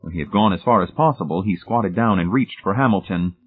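Male audiobook narrator, low and husky, measured and suspenseful, phone-like lo-fi sound. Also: expressive. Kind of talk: scripted narration.

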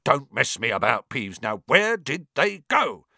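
A man voicing a grumpy older male school caretaker, gruff and impatient, in an audiobook. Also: mid-range voice, very animated, measured pace, bright, forceful tone, dry recording, voice pushed up, heavily acted. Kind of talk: audiobook character voice.

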